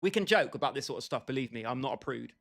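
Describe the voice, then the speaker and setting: A man's voice: mid-range voice, expressive, rapid-fire, gravelly, a bit bright. A young man livestreaming a football game, bantering and joking with his chat and calling viewers by name. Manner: bantering, jokey, talks straight to chat by name. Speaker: gaming livestreamer.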